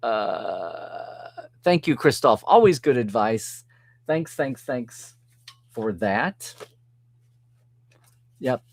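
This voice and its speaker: A man's voice: medium pitch, very animated, drawn-out words, pauses often, no room sound. A man hosting a live stream, chatting casually and reading out and answering viewer comments with frequent chuckles. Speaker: host reading live chat.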